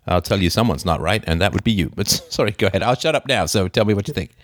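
A low-voiced male host giving blunt, emphatic advice on a call-in show, cursing casually. The sound is dry and close. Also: expressive, quick pace, dry recording.

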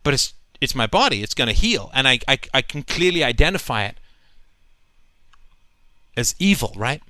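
Man, host, bright forceful tone, emphatic, keeps asking "right?", dry close sound. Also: medium pitch, very animated, no echo. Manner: emphatic, fast-flowing monologue with restarts and "right?" tags. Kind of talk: call-in conversation.

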